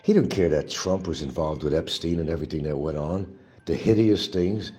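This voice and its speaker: A man's voice: sits low, normal speed, dark tone. A man hosting his own show, delivering an angry, profane and mocking monologue. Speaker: livestream host. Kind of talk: ranting political monologue.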